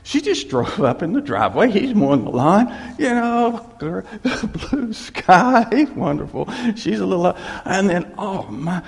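A male preacher delivers a lively sermon, his gravelly voice sitting a bit high and swinging widely. He tells stories and repeats key phrases. The sound carries a long echo from a hall. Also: unhurried, hardly any pauses. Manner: animated storytelling with repeated phrases.

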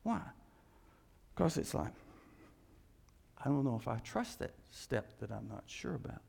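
A man preaching a sermon with animated delivery, acting out quoted voices and dropping into hushed asides. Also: mid-range voice, a little slow, creaky, breathy edge, in a large hall. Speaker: pastor.

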